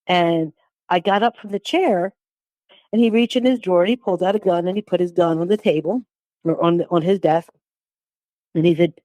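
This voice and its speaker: A woman in her sixties giving a personal testimony as an interview guest, halting, with repeated words and restarts. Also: on the low side, a little mellow, no echo. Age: 60s.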